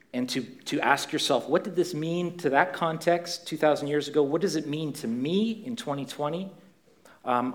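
A man's voice: a little high, fairly bright tone. A man, a pastor preaching a conversational sermon full of questions to a church congregation.

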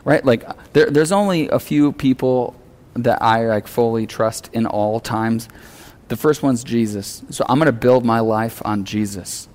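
A man preaching in a loose, chatty way, earnest about his message. His voice sits at an ordinary middle pitch for a man, and he slips into acted-out lines when he quotes someone. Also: unhurried, darkish tone. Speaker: pastor. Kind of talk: conversational sermon.

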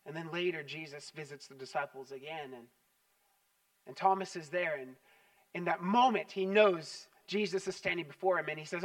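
A pastor preaching a sermon, telling stories with animated, emphatic repetition. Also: male voice, a little high, normal speed, distant mic.

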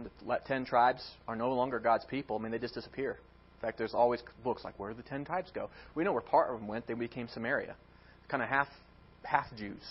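A man preaching a sermon in an animated way, acting out quoted words as he tells the story. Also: mid-range voice, muffled recording.

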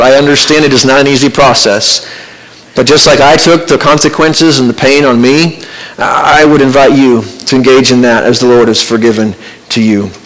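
A man preaching a sermon as pastor, earnest and conversational, with pauses and restarts. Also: mid-range voice, fairly bright tone, poor audio.

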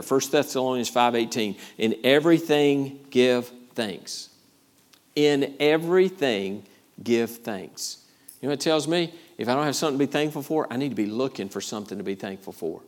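A man's voice: medium pitch, a little mellow. A man from Georgia, preaching a sermon as pastor, stressing points by repeating phrases and calling out "Amen?" to the congregation. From Georgia, USA.

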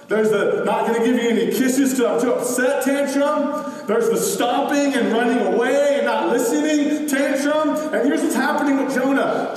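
A man in his thirties preaching a lively sermon as pastor, acting out voices with big swings in tone. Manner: animated, acts out voices with big pitch swings. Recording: echoey hall, distant mic.

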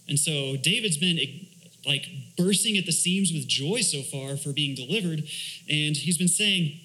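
A man's voice: fairly high pitch, measured pace, sharp tone, poor audio. A young man serving as a church elder, giving an informal, conversational sermon with many fillers and restarts.

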